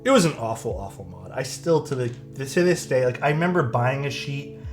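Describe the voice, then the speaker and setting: A man's voice: mid-range voice, expressive, moderate pace. A young man talks casually on a live stream, answering chat as he works with his hands. His talk is loose and friendly, full of likes and restarts. Faint music plays underneath. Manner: chatty, answers chat while working, loose filler-heavy talk. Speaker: streamer building keyboards.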